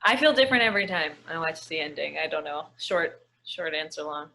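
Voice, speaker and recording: A woman's voice: sits low, lively intonation, a little fast, gravelly, bright, forceful tone. A female actress being interviewed, hesitant and searching for her words. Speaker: actress guest. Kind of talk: casual interview.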